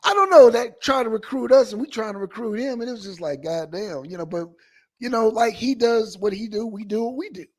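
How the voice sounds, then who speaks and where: A man's voice: high-pitched, expressive, brisk. A man co-hosting a casual chat, affirming his partner emphatically and laughing along.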